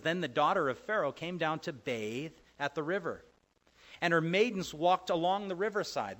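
A man preaching a sermon and teaching from the Bible in a conversational way. He swings between loud emphasis and soft asides, and he asks the listeners questions. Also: medium pitch.

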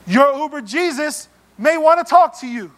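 A man preaching a sermon in a church, animated and playful, acting out little scenes as he goes. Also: very high-pitched, moderate pace. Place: church sanctuary.

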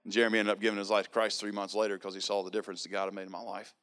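A man's voice: lowish voice, racing, smooth. A man in his thirties sharing his personal faith testimony in an earnest storytelling manner. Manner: earnest, storytelling, animated quoting. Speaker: speaker giving a testimony.

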